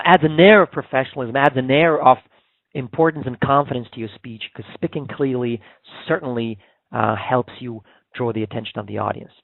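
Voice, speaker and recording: The man's mid-range voice has a creaky quality as he leads a public speaking webinar in a conversational way, full of fillers and restarts. It's captured on a webinar call microphone, dry and phone-like.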